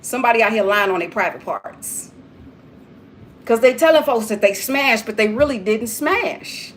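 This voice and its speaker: A woman with a high-pitched voice preaches straight to her viewers. She lectures with blunt emphasis and keeps circling back to the same phrases. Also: expressive, normal speed, a bit bright, slight background noise. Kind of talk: preachy straight-talk monologue.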